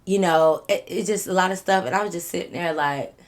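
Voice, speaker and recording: A young woman telling a casual storytime to her viewers, animated and swearing freely. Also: lowish voice, fairly quick. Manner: animated, swings into loud acted-out quotes, swears freely. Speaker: storytime vlogger.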